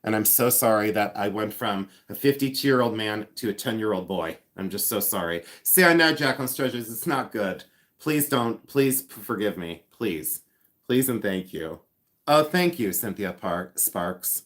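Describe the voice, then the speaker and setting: A man's voice: fairly low pitch, expressive, moderate pace, fairly bright tone. A man in his fifties hosting a casual livestream, joking with viewers by name and teasing himself. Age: 50s. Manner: playful, self-mocking, teasing viewers by name; hums and scats tunes. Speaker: livestream host. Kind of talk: casual live chat.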